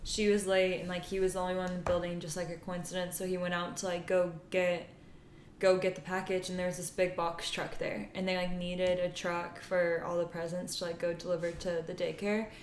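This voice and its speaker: A woman's voice: lowish voice, monotone, a little fast. A young woman co-hosting a casual faith podcast, telling stories earnestly with lots of "like" fillers. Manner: earnest storytelling, many "like" fillers. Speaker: podcast co-host. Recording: echoey room with faint noise.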